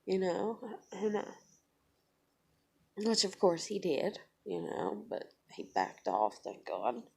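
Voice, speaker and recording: A woman's voice: on the low side, very animated, slow pace, creaky, husky. A young woman, telling a personal story to camera in a blunt, profane, conversational way. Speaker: vlogger.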